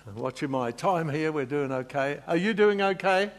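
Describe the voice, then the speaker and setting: A man's voice: on the high side, expressive, moderate pace. A man preaching a sermon to a live congregation, informal and emotional, with frequent fillers and self-deprecating asides.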